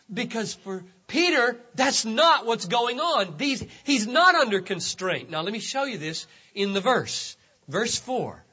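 A male pastor preaching with a high, lively voice that climbs and drops a lot. The tone is bright and a little husky, and he takes his time over each phrase. It sounds like a dull, lo-fi church recording. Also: a little slow. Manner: emphatic preaching with repeated phrases, voice rising on key words. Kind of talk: sermon.

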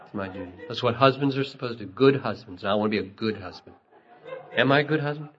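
A man's voice: mid-range voice, fast, a crowd in the background. A man preaching a sermon, telling stories and rising to emphatic peaks. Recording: muffled lo-fi recording.

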